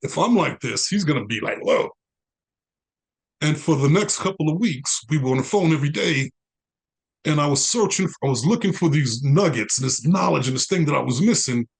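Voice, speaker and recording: A man, a guest in an interview, telling his life story with animated quoted dialogue. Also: fairly high pitch, moderate pace, creaky, breathy edge. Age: 40s.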